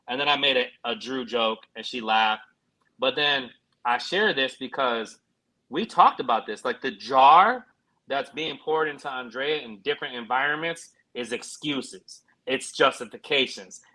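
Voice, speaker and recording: Male podcast co-host, bright tone, earnest storyteller, casual and filler-heavy. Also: medium pitch, normal speed, rough recording.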